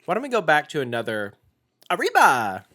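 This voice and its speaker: A man chats casually on a food-tasting podcast, joking around and breaking into loud, excited exclamations. His pitch swings widely and his voice has a bright, forceful edge. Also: fairly quick. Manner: animated, jokey, loud bursts of excitement. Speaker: podcast co-host.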